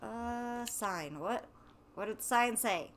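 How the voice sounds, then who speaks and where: A young woman giving let's play commentary, quick to react with confusion and casual swearing. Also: a little high, lively intonation, a little hiss or hum. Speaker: gamer.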